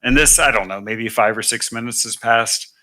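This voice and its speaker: A man's voice: medium pitch, moderate pace, poor audio. A man narrating and explaining rules as dungeon master of a tabletop game. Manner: relaxed, explains rules step by step.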